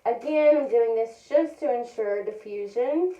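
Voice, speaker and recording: A woman giving a calm, methodical step-by-step tutorial, narrating each move and repeating her key points. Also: fairly high pitch, a little slow, lo-fi sound, background noise. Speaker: hair color educator.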